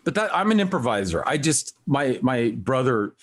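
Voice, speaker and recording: A man hosting a music podcast, talking in a casual, rambling way and acting out quotes with lively voices. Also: medium pitch, moderate pace. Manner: rambling, animated when quoting others. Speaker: podcast host. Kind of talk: casual conversational interview.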